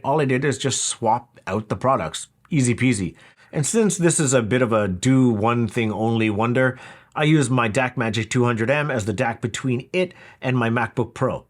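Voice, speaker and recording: A man talking through a product review in a casual, wry, conversational way. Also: medium pitch. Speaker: audio equipment reviewer.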